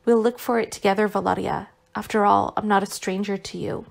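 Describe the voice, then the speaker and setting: A woman's voice: medium pitch, fairly even intonation, fairly quick, gravelly. A woman voicing an anxious, devoted young wife who pleads earnestly, in an audiobook reading. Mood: pleading.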